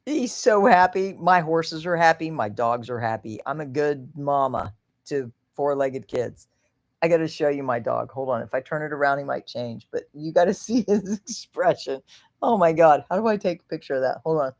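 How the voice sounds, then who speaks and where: A woman's voice: low voice, normal speed. Rambling, laughing woman on a livestream. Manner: rambling, laughs often, swings from hushed to loud and excited. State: a little tipsy. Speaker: livestream host. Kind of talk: casual livestream chat.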